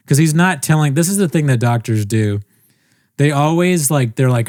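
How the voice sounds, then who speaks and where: A man's voice: fairly high pitch, a little fast, no echo. Young man telling a rambling story, dry close mic. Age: young adult. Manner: rambling, animated, mimics others' voices. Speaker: podcast co-host. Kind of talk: casual storytelling chat.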